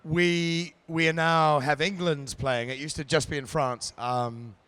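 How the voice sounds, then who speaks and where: A man from New Zealand with a New Zealand accent, an actor chatting playfully in a live interview, joking and often pausing with fillers. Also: on the high side, fairly even intonation, a bit bright, smooth. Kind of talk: casual chat at a live event.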